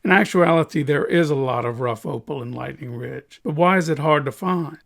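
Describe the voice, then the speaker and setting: A man who cuts opal explains his hobby in a chatty video monologue. His voice sits slightly high and rough with vocal fry. He keeps dropping in self-deprecating jokes. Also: moderate pace. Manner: joking, self-deprecating asides. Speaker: opal cutter.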